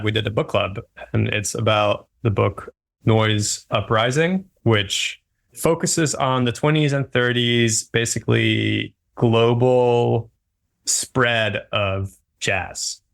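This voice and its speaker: A male podcast guest with a low, gravelly voice full of vocal fry. He talks loosely and casually, thinking aloud as he goes. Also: slow. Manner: relaxed, thinks aloud with fillers. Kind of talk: casual conversation.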